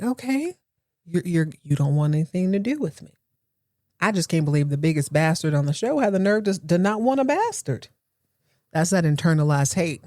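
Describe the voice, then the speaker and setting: A woman's voice: low voice, darkish tone, no echo, studio quality. A woman hosting a podcast, giving a comic recap of a soap opera with sassy, slangy asides. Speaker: podcast host. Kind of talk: comedic TV recap.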